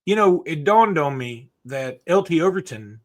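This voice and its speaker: A man co-hosts a college football podcast in casual, rambling chat, often restarting his sentences. His voice sits a bit high for a man and swings widely in pitch as he talks. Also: normal speed. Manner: rambling, animated, many restarts. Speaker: sports podcast co-host.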